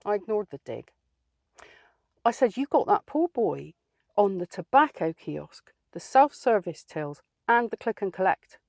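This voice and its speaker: In full character voice, a woman portrays a sardonic, outspoken older lady, wryly relating a comic story in a dry, plain-spoken way. Her mid-range voice is sing-song, creaky and a little mellow, unhurried, and the recording is dry.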